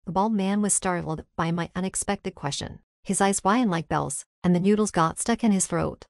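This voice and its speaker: A woman reading a first-person story aloud as narrator, in an even storytelling manner. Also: fairly low pitch, moderate pace, vocal fry, no echo, studio quality. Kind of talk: scripted narration.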